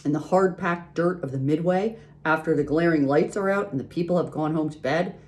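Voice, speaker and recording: A sly, worldly old sheep in a storybook, talking up a tempting picture and savoring each item, played by a woman. The voice is a touch louder and brighter than a plain reading. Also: sits low, fairly quick, lightly acted. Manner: tempting, relishing lists.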